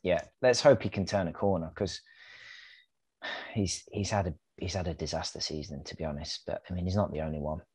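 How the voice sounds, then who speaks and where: A man's voice: low-pitched, steady tone, brisk, a little mellow, breathy edge, dry recording. A man as a guest on a casual podcast, giving brief agreeing replies.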